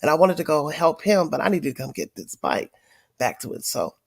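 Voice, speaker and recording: Middle-aged granny on a livestream, sick and wheezy, cussing her way through a story for the viewers, gravelly voice. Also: sits low, big pitch swings, fairly quick, dry recording. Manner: profane, emphatic, addresses viewers directly. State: tired. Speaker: livestream host.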